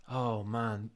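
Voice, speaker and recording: A man co-hosting a casual live stream, halting and self-deprecating as he searches for words. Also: fairly low pitch. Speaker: co-host of a live show.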